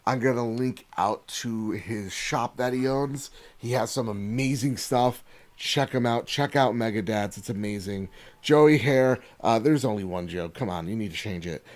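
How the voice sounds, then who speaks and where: A man hosting a casual podcast over a video call, excitable and swearing as he rattles off thank-yous. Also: mid-range voice, unhurried. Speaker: podcast host.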